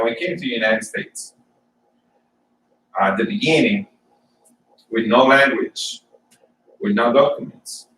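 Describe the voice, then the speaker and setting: A man's voice: medium pitch, fairly bright tone, distant mic. Man, church sermon testimony, repeats his words, roomy echo, faint room hum. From Colombia. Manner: halting, repeats words, plain storytelling. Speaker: church speaker.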